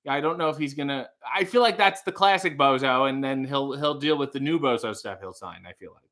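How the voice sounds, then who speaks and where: A man's voice: mid-range voice, brisk, fairly bright tone. A man hosting a casual live stream, reading viewer comments aloud and joking with chat. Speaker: livestream host.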